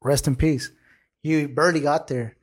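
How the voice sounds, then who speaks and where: A man's voice: fairly high pitch, fairly even intonation, normal speed, slightly rough. A man in his late twenties hosting a podcast, telling a story in casual street slang with lots of swearing. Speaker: podcast host.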